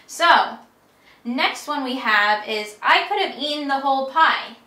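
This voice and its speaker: A woman's voice: high voice, animated, a little slow, bright, forceful tone, echoey room. A woman teaching English grammar, patiently explaining each point step by step with examples.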